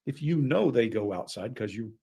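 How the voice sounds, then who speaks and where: A man's voice: mid-range voice, animated, moderate pace, gravelly, dark tone, breathy edge. A man with interrogation experience talking through a case on a true crime panel in a casual, analytical way. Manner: analytical, questioning.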